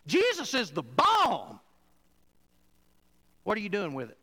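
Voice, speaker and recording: High-voiced pastor preaching, bright tone, big loud-soft swings. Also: male voice, wildly swooping pitch, slow pace, low-quality recording. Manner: emphatic preaching with wide swings from loud to quiet. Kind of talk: sermon.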